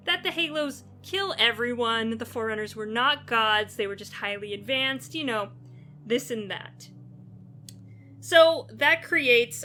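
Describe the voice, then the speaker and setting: A woman co-hosting a casual podcast chat, animated and playfully acting out characters as she recaps. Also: on the high side. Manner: animated, acts out characters with exaggerated quips. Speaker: podcast co-host.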